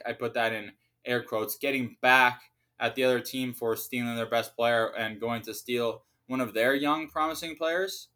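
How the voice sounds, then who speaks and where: A man's voice: mid-range voice, fairly even intonation, normal speed, few pauses, sharp tone. A young adult man hosting a casual solo podcast, ranting with heavy profanity and sarcasm. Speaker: podcast host.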